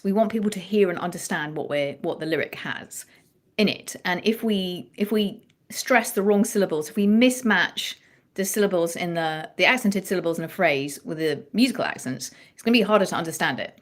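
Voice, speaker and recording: A woman songwriting coach explaining ideas in an animated interview chat, restarting her phrases as she thinks aloud. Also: medium pitch.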